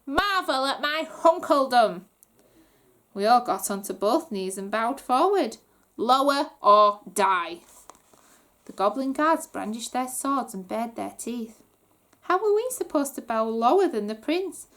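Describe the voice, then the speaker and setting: A woman reading a children's book aloud with animated storytelling. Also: a little high, normal speed. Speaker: reader.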